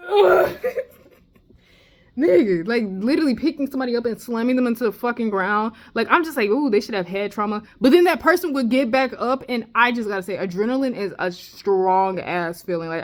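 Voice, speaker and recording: A young adult woman telling a casual storytime vlog, gossiping in a profane, expressive way with slangy asides. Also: medium pitch. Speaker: vlogger.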